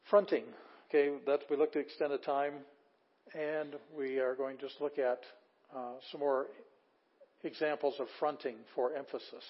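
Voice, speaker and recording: Man teaching Greek in a casual lecture. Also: medium pitch. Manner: explains Bible verses word by word, reads quotes aloud; casual with fillers, enthusiastic asides. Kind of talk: classroom lecture. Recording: slightly dull lo-fi audio.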